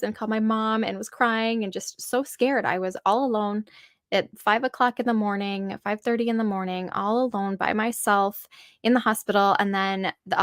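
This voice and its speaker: A woman's voice: mid-range voice, no echo, clean studio sound. A woman in her thirties, a podcast guest, telling a personal story earnestly, full of fillers and acted-out quotes.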